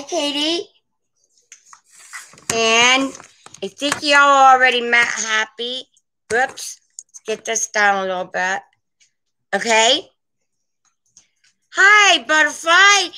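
A woman's voice: a little high, sharp tone, low-quality recording. A woman running a live online sale from her home, chatting in a rambling, friendly way to her viewers. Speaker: online vintage seller. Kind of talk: live-stream sales chat. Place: at home, indoors.

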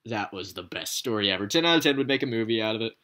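A man's voice: on the low side, expressive, racing, pushed and bright. A man hosting a video, reading a silly story aloud, stumbling over the text and breaking into laughter. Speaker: YouTube host reading a story. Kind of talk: comic read-aloud with asides.

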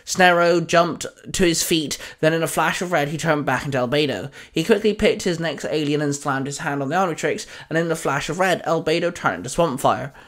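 A man narrating a fan fiction story, reading it aloud in a steady storytelling manner. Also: fairly high pitch, a little fast, few pauses. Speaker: fanfiction narrator.

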